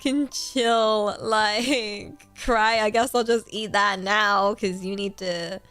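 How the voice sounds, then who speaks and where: A woman's voice: mid-range voice, fairly even intonation, slow, fairly bright tone, soft background music. A young woman from Britain, a streamer chatting casually in a bubbly, rambling, giggly way. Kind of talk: casual livestream chat.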